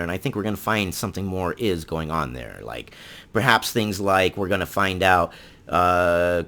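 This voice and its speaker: A man's voice: fairly low pitch, fairly bright tone. A man giving indignant, sarcastic opinion commentary on the news, full of rhetorical questions. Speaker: political commentary channel host.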